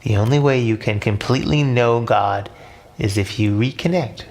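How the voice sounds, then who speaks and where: A man's voice: mid-range voice, a little mellow, close to an everyday voice. A man doing a stern giant octopus lady. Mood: firm. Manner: firm, slow and instructive. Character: giant stern but caring female octopus.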